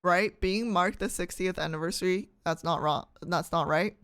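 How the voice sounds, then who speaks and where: A woman's voice: on the low side, normal speed, fairly bright tone, smooth, no room sound. A woman from Canada streaming live, reading test questions aloud and thinking through them with her viewers, laughing often.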